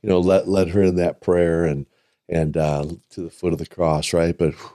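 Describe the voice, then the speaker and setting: An older man from Minnesota, a podcast guest telling stories in a casual, animated way, often repeating words and laughing. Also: low-pitched, normal speed. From Minnesota, USA. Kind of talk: casual storytelling interview.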